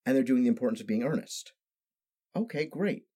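A man's voice: mid-range voice, animated, fairly quick, dark tone, breathy edge. A man in his thirties, a podcast guest, telling stories in a precise, carefully placed way of speaking with no regional accent. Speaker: podcast guest, improv actor. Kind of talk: casual storytelling chat.

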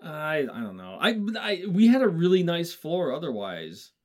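Lively, stammering man chiming in. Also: on the high side, moderate pace. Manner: chimes in with questions, stammers and laughs. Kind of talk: casual chat.

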